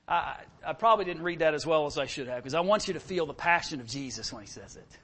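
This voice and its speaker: A man's voice: a little high, big pitch swings, fast talker, few pauses, fairly bright tone, breathy edge. A middle-aged man preaching a sermon as pastor, impassioned and full of rhetorical questions.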